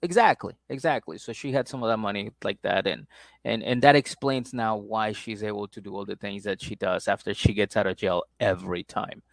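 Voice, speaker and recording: A man's voice: fairly low pitch, a little fast, creaky, dry recording. A man co-hosting a podcast, chatting loosely as he recaps a reality show. He laughs often and mimics people in a raised voice. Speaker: podcast co-host.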